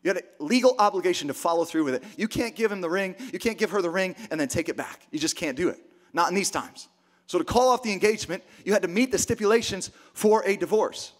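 Man, pastor, sermon, high-pitched, emphatic, energetic. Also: fast talker. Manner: emphatic, energetic, rhetorical questions.

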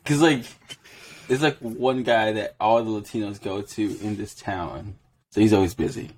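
A man's voice: fairly low pitch, steady tone, normal speed, a little mellow, slight background noise. A man hosting a podcast in casual chat, loose and chatty, with frequent laughs and filler words. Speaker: podcast host.

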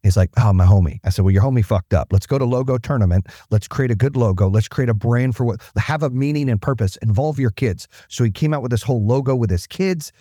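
A man's voice: mid-range voice, warm tone, husky, dry recording, clean studio sound. A man speaking as a podcast guest, telling blunt, profane stories in casual talk. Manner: blunt, profane, fast-talking. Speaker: guest, business owner. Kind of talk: casual storytelling.

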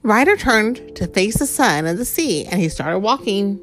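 A woman reading a picture book aloud to a child, gently explaining words and asking questions along the way. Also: medium pitch, big pitch swings, normal speed, soft background music. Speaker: storyteller.

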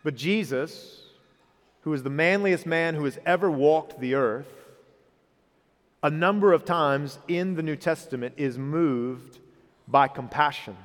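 A man's voice: a little high, measured pace. A man in his thirties preaching a sermon as a pastor, earnest and rising in emphasis when he retells the story. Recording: reverberant hall.

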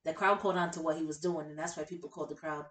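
Brief: low-voiced woman co-host, fast and blunt, sounding roomy and a little off-mic. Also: recorded from a distance. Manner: animated, blunt and joking. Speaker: podcast co-host. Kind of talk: casual podcast chat.

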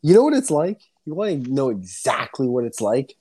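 A young man co-hosting a podcast, ranting excitedly and swearing a lot in casual chat. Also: moderate pace, breathy edge. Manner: excitable ranting, heavy swearing, swings up high when worked up. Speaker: podcast co-host.

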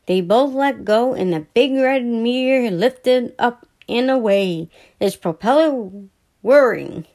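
A woman podcast host reading a children's story aloud, softly and with small stumbles she corrects. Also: a little high, lively intonation, slow.

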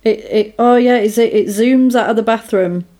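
A woman's voice: on the high side, moderate pace, mellow. A woman chatting casually about an old film, retelling scenes with acted quotes.

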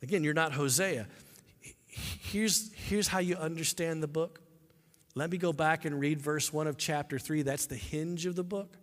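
Bright high man preaching in a reverberant hall. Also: normal speed. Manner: dramatic storytelling, acts out voices. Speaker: pastor. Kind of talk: sermon.

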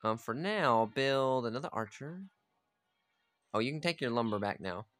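A man's voice: mid-range voice, lively intonation, moderate pace, a bit bright, faint music behind. Man chatting casually over gameplay. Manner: chatty, swears freely, talks to his units. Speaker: gamer playing a strategy game.

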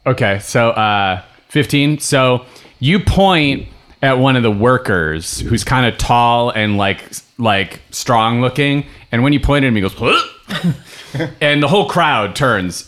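A man narrates a tabletop game as its game master. His voice sits at an everyday middle pitch, and he talks loosely and chattily, often with a laugh. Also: a bit bright.

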